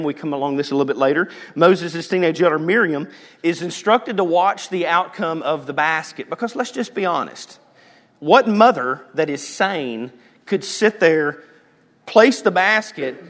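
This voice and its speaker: A man, preaching a sermon as pastor, telling stories and swinging from hushed to loud. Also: on the high side. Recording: long reverb of a large hall.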